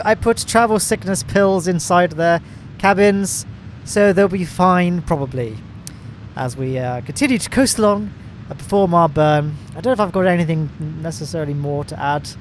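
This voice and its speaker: A man's voice: on the high side, a little hiss or hum. A man giving jokey, self-deprecating commentary over gameplay footage, chuckling often. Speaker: gaming YouTuber.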